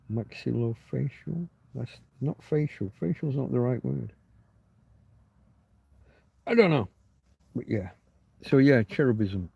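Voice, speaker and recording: A man's voice: mid-range voice, gravelly, warm tone, slightly rough. A man hosting a casual livestream, chatting in a rambling, digressive way and often restarting his sentences. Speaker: livestream host. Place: home in coastal Spain.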